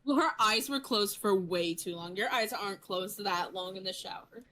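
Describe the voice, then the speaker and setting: A woman's voice: medium pitch, moderate pace, pushed and bright. Woman, podcast co-host, casual chat, wry asides, interjecting. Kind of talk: casual film recap chat.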